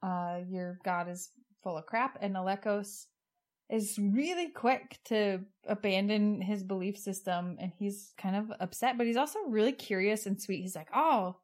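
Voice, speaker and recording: A woman's voice: mid-range voice, normal speed, a little mellow. Chatty woman podcast host recapping. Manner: chatty, laughing, wry retelling. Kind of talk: casual episode recap.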